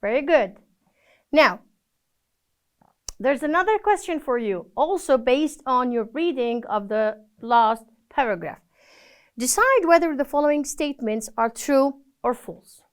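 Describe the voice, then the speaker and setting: Woman, English teacher, high smooth voice, patient and encouraging with students. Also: lively intonation, a little slow. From Palestine. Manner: patient, encouraging, gives praise after each answer. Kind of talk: recorded classroom lesson.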